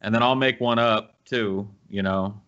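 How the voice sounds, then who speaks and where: A man's voice: on the low side, steady tone, measured pace, fairly bright tone. A male podcast co-host in laid-back, joking casual chat, on dull lo-fi podcast audio.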